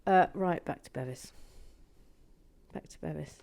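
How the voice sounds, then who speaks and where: A woman's voice: sits low, measured pace, creaky, a little mellow. A woman hosting a Lego build vlog, chatting casually and muttering or whispering to herself as she concentrates.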